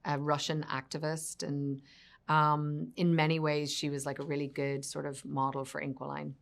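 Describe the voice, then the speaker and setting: A woman's voice: low-pitched, completely flat delivery, moderate pace, gravelly. A woman being interviewed as an actress, speaking casually and hesitantly with self-deprecating humor. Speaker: actress guest.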